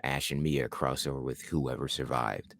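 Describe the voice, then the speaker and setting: A man's voice: rumbling low, fairly even intonation, moderate pace, vocal fry, a bit bright. A man co-hosting a podcast, chatting casually and enthusiastically about a horror film, rambling with many restarts. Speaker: podcast co-host. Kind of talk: casual film review chat.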